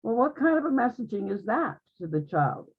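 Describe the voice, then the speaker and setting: Husky woman on a tinny line. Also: fairly high pitch, big pitch swings, fairly quick. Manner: earnest, uplifting, repeats phrases. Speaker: guest speaker in an online group conversation. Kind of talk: inspirational spiritual talk.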